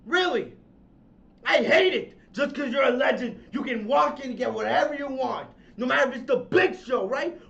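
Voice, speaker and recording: A man hosting a wrestling review podcast, ranting angrily with shouting, exasperated questions and profanity. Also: very high voice, vocal fry. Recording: dull lo-fi sound.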